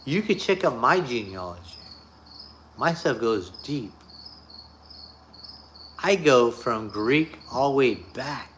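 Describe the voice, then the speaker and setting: A man's voice: mid-range voice, animated, slow pace, long pauses, a bit bright, slight background noise. A man talking straight to his viewers in an off-the-cuff monologue, blunt and profane, repeating himself for emphasis. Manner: blunt, profane, repetitive ranting. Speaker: YouTuber.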